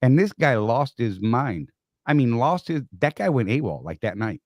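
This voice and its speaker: A man's voice: mid-range voice, sing-song, moderate pace, darkish tone, no echo, clean studio sound. A man co-hosting a casual live-stream chat, rambling through stories with frequent restarts. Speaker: co-host.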